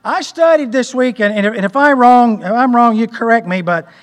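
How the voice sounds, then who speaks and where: A man's voice: very high voice, brisk, long reverb tail. A man preaching a folksy sermon, restarting phrases and asking the congregation for an amen. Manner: folksy, repeats words and restarts, asks amen. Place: church.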